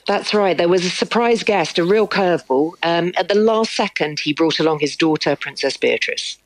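A woman, a former news producer, telling her story as a radio guest, brisk and candid. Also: lowish voice, no echo, poor audio. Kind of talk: radio interview.

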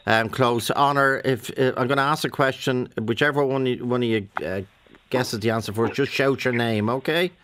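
A man's voice: medium pitch, steady tone, moderate pace, a bit bright, slight background noise. Chatty Dublin radio host, man. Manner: chatty, interrupting, self-deprecating. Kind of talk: casual radio chat.

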